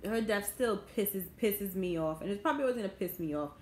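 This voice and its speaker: A woman's voice: medium pitch, lively intonation, brisk. A woman, ranting to her viewers in a bitter, indignant vlog. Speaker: vlogger. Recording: echoey room, faint background noise.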